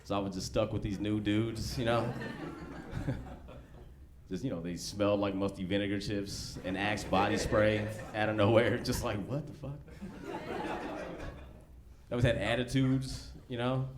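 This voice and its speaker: A man's voice: fairly low pitch, steady tone, moderate pace. A man in his thirties doing a stand-up set in a comedy club, talking loose and slangy. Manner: loose, slangy, conversational delivery. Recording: live club recording, background noise.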